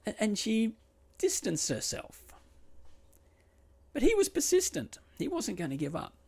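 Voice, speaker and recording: A man's voice: high voice, wildly swooping pitch, measured pace, vocal fry, a little mellow, husky. A man hosting a podcast, retelling a true story in a chatty, wry way. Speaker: podcast host.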